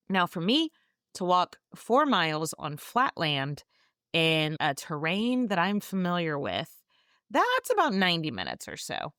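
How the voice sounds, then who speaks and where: A woman's voice: fairly low pitch, fairly bright tone, clean tone, no echo, clean studio sound. A woman podcast host giving a casual, sarcastic and profane recap of a book.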